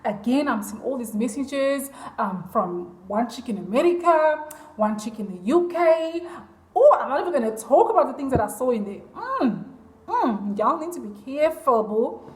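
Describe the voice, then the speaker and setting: A woman's voice: high voice, animated, moderate pace, darkish tone, roomy sound, low-quality recording. A woman vlogger telling a personal story in a chatty, confiding way, with plenty of fillers. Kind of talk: storytime vlog.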